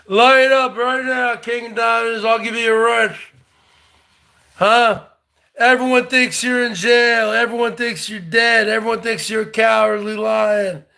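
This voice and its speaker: A man doing a comic impression of a brash loudmouth who taunts a rival over and over in shouty bursts. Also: very high-pitched, steady tone, measured pace, gravelly, heavily acted. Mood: taunting. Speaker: parody comedian. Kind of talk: comedic impression rant.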